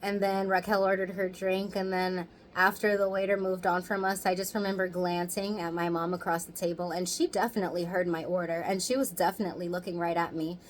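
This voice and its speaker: A woman's voice: fairly low pitch, flat delivery, brisk, hardly any pauses, a little hiss or hum, poor audio. A woman in her thirties telling candid stories to camera in casual chat. She swears freely and laughs often. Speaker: vlogger.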